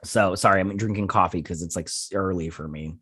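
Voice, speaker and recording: A man's voice: deep voice, fairly even intonation, a little fast, sharp tone, breathy edge. Rambling American man reviewing a show. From United States. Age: adult with children. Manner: rambling, filler-heavy, repeats words. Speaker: YouTube show host. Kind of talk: casual episode review.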